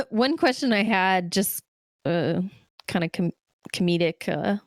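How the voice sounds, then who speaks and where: This co-host speaks at a medium pitch with lively intonation and a slow pace, casually reviewing a movie on a podcast. She's chatty and rambles with lots of fillers, and the studio-quality recording has no echo.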